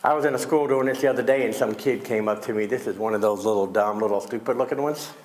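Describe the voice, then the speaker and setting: A man's voice: lowish voice, fast, a little mellow. A man performing comedic magic on a school stage, teasing his young volunteers with wisecracks. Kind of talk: comedic magic show patter.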